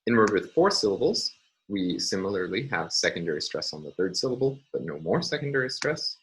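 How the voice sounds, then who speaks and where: A man's voice: lowish voice, very animated, a little fast, a bit bright, low-quality recording. A man giving a recorded university phonology lecture, explaining step by step with frequent ums and uhs.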